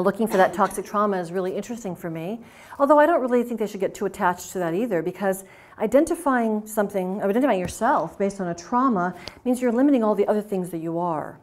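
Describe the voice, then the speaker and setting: Animated woman telling stories at a conference. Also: mid-range voice. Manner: animated, acts out the dialogue of her stories. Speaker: conference speaker. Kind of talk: lecture storytelling. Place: conference hall.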